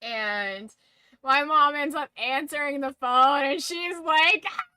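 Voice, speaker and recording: High, bright giggly woman streamer. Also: slow pace, no echo. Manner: giggly, swears freely, full of "like". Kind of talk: casual storytelling to a live stream.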